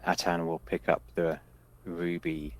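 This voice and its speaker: A man narrating as game master of a tabletop game, halting with frequent restarts and casual swearing. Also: deep voice, level tone, darkish tone.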